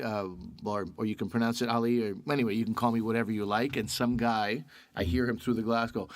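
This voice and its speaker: Animated comedic man, dry studio sound. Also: mid-range voice, fast, dry recording. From Canada. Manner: animated storyteller, does voices of others. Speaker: podcast co-host. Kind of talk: casual comedic chat.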